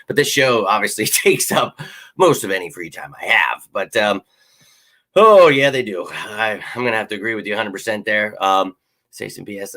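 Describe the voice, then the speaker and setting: A man in his thirties hosts a live fan Q&A from his home office, chatting in a loose, rambling way. His voice is bright and edgy. He swears offhandedly and keeps calling viewers "man" and "dude.". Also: on the low side. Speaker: sports show host. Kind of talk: casual live Q&A chat.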